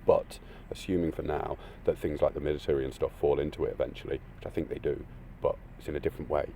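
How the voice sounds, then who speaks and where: A man crying through a rambling, emotional monologue, swearing often and swinging between loud outbursts and hushed, near-whispered lines. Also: a bass voice, fairly even intonation, fast, gravelly, a little hiss or hum.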